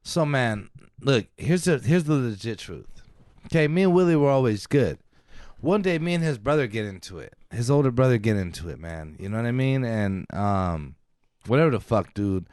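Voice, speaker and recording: A man's voice: mid-range voice, animated, moderate pace, a little mellow, no room sound, studio quality. A man co-hosting a podcast, telling a long casual story full of swearing, laughs and acted-out quotes. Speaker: podcast co-host.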